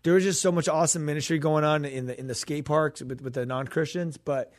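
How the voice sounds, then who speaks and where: A man's voice: fairly high pitch, steady tone, a little fast. A man co-hosting a faith podcast, telling a story in a casual chat and acting out the quoted dialogue. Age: adult, grown pastor's kid. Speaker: podcast co-host and minister.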